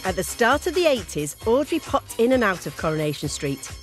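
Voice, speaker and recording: Lively woman narrating a documentary. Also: mid-range voice, a little fast, faint music behind. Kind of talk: scripted narration.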